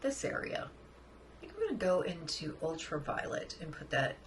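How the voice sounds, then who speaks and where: A woman chatting excitedly through a makeup tutorial, often dropping to a soft murmur as she works. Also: deep voice, normal speed, a little hiss or hum, poor audio. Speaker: makeup vlogger. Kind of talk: casual makeup tutorial chat.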